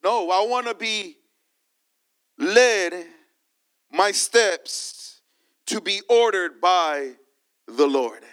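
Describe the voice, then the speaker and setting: Pastor, male, very high bright voice, slow repetitive preaching to the congregation. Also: animated, smooth. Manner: preaching, repeats lines, calls to the church. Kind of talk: sermon.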